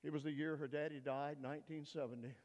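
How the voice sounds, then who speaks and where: An older man, a pastor, preaching an emphatic sermon in a church, swinging between loud peaks and hushed asides. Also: a little high, steady tone, quick pace. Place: church sanctuary. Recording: long reverb of a church hall.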